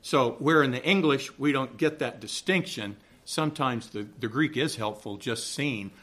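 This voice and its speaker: A man's voice: mid-range voice, moderate pace, a bit bright. A man with a Southern American accent teaching a church Sunday school class, explaining things in a chatty, reassuring way and often checking in with "okay?". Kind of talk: Bible class lecture.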